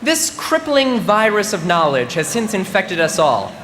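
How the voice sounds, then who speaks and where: A man's voice: sits high, huge pitch swings, a little slow. A young man in his twenties giving a humorous ceremony speech as a graduating student, with mock-serious comic timing over crowd laughter. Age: 20s. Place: large ceremony venue. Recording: reverberant venue with faint background noise.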